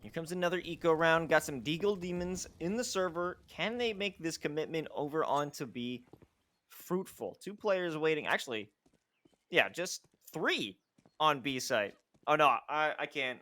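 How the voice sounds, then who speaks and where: Play-by-play esports caster, man, bright and sharp, slightly high, gets excitable on big plays. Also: moderate pace, a little hiss or hum. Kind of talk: live esports play-by-play commentary.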